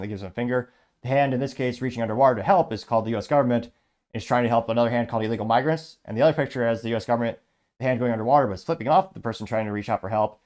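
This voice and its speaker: A man of ordinary pitch hosts a commentary show, working through social media comments one at a time. He talks casually and keeps stopping to add wry asides, often restarting his sentences. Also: a little mellow. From Illinois.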